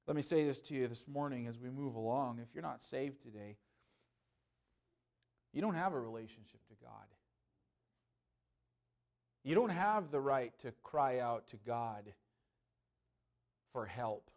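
A man, a pastor, preaching a sermon with passion, swinging between loud pleading and hushed earnestness. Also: mid-range voice.

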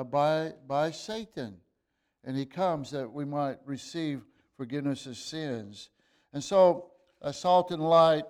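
A man preaching a sermon, reading scripture aloud and explaining it in a halting way, with fillers and restarts, rising to emphatic bursts. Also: a little high, darkish tone. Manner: reads scripture in old-fashioned wording.

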